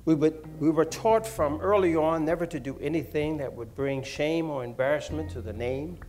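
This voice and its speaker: Older man telling his story slowly. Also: a little high, a little mellow, faint music behind. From Washington, D.C., USA. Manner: measured, reflective storytelling. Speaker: interviewee recalling his past. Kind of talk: personal recollection.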